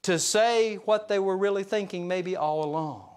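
A man with a fairly high speaking voice delivers a sermon from the pulpit. He talks in a relaxed, storytelling way, chuckling along with his own anecdotes. He turns earnest and slows down when he drives a point home. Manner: conversational, chuckles through anecdotes. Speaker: pastor. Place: church service.

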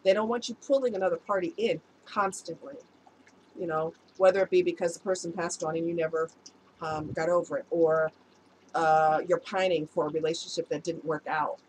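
A relationship-advice vlogger, an adult woman past her youth, casually recounts a personal story for her viewers and laughs at herself as she goes. Her voice is low-ish with fairly even intonation at normal speed. A bit of hiss or hum marks the low-quality recording.

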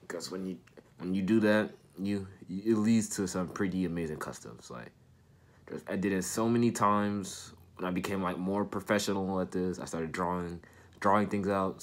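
A young man with a deep, low voice chats to his camera from his bedroom, stuffy and sick with a cold. He rambles in an easygoing way, full of fillers. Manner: laid-back, rambling with fillers. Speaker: sneaker customizing vlogger. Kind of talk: casual chat to camera.

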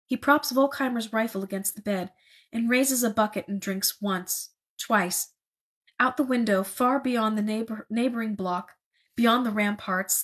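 Woman reading a novel, breathy. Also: medium pitch. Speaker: reader.

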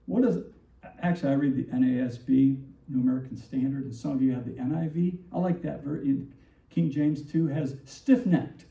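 A man preaching a sermon as pastor, animated and full of rhetorical questions, acting out the lines he quotes. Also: medium pitch, normal speed, creaky. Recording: distant, roomy, dull church recording.

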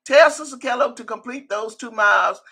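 A woman hosts a casual live stream in a slightly high, gravelly voice with a sharp tone and a breathy edge, speaking at a moderate pace. Laughing a lot and teasing, she calls out viewers' names and comments in turn.

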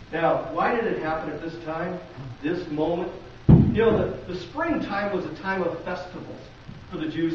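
A man's voice: high voice, a little hiss or hum. A man with a Midwestern American accent preaching a sermon in a church, talking conversationally and asking the congregation rhetorical questions. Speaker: pastor. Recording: very echoey, distant, dull lo-fi.

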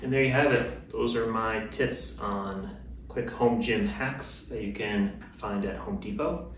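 A man giving a relaxed, upbeat how-to demonstration while handling gear in his home gym. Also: lowish voice, slow pace. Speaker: fitness vlogger. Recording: very echoey room, distant mic, faint noise.

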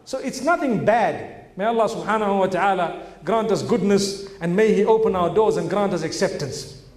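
High-voiced man giving an echoey lecture. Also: moderate pace, a little mellow. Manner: earnest, exclaiming, explains terms. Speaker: Islamic lecturer. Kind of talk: religious lecture series.

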